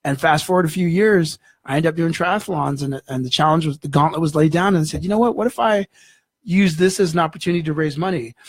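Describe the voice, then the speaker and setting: Fast-talking man telling a story. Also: on the high side, slightly rough, no room sound, studio quality. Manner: animated, acts out dialogue in the story. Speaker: guest. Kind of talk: storytelling in an interview.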